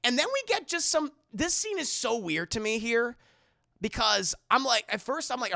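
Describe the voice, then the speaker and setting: A man's voice: very high voice, very animated, moderate pace, gravelly, bright, forceful tone, no echo. A man reviewing a film live for his chat in a casual, profane, rambling recap.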